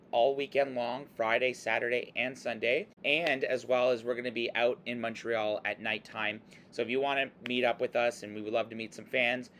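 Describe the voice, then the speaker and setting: A man with a middle-pitched voice giving a short recorded message for his podcast. He sounds friendly and enthusiastic, with a faint hiss of noise behind him. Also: a bit bright. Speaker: podcast co-host. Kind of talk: recorded announcement.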